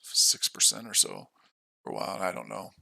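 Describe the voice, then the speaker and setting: A man's voice: low-pitched, very animated, a little fast, gravelly, bright, forceful tone, no room sound. A tired man hosting a live trading stream, talking through his trades in a matter-of-fact, casual way. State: tired from no sleep. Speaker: day trader and stream host.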